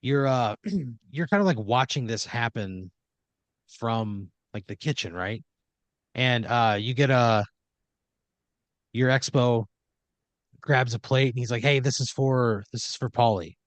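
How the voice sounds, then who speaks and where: Hosting a comedy podcast, a man improvises a second-person story in a medium-pitched voice, unhurried and with long pauses. He rambles with plenty of fillers and sometimes slips into quoted voices. There's no echo.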